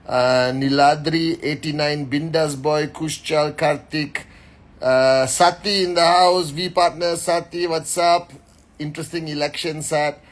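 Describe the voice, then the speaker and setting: Energetic man greeting a live audience. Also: fairly high pitch. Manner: energetic, reads names quickly, speaks directly to the audience. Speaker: host of a live stream. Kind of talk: casual live-stream greetings and motivational talk. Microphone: phone.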